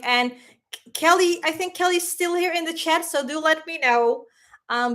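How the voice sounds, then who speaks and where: A woman with a high voice hosts a spiritual livestream and speaks in a heartfelt, rambling way. She sounds tearful, pausing to read the chat and to gather herself. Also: a bit bright. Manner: heartfelt and rambling, reading chat aloud, fighting back tears. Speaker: spiritual teacher hosting a livestream. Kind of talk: emotional livestream talk.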